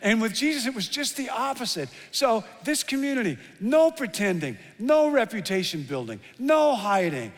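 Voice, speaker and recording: Male pastor, middle-aged, fairly high voice, lively sermon, long hall echo. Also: normal speed, few pauses. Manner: lively storytelling, swinging from emphatic to hushed.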